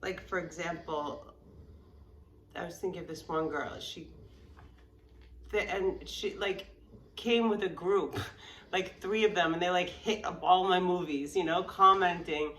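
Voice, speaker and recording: A woman in her forties talks frankly to her viewers, rambling and restarting with lots of fillers. Her pace is unhurried and her voice sits a little low. She sounds set back from the mic in a reverberant room with a faint hum behind her. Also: a bit bright. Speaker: yoga vlogger. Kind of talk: casual talk to camera. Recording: roomy sound from a distance with faint background noise.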